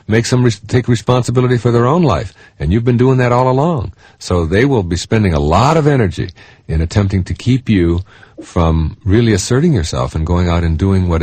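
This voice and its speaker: A middle-aged man with a deep, husky voice delivers a self-help audiobook lecture. He speaks earnestly and drives his points home by repeating them. The recording is close and dry, with no room sound. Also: darkish tone, dry recording. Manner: earnest, emphatic, builds points through repetition.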